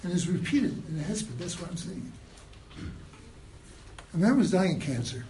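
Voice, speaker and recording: A man giving a mussar sermon, moving from hushed storytelling to loud rhetorical questions, with Hebrew and Yiddish terms mixed in. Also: high-pitched, big pitch swings, moderate pace, a little hiss or hum, rough recording. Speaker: rabbi giving a mussar talk.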